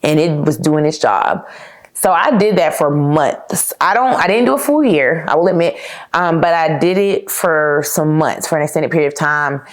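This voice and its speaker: Chatty woman podcaster, slightly low voice. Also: animated, normal speed. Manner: chatty and candid, addresses listeners as "y'all"; laughs now and then, frequent fillers like "like". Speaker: podcast host. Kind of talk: casual personal storytelling.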